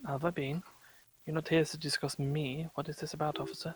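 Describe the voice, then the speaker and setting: Man putting on a shaken, tearful widow for a game read-through, halting and stunned, pitched a little high. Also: level tone, lightly acted. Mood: guarded. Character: grieving middle-aged widow, shaken and tearful.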